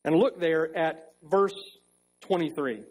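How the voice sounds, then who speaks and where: Emphatic high-voiced preacher, husky tone. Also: male voice, low-quality recording. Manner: emphatic preaching, repeats key phrases, slows for stress. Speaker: pastor. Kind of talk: sermon. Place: church sanctuary.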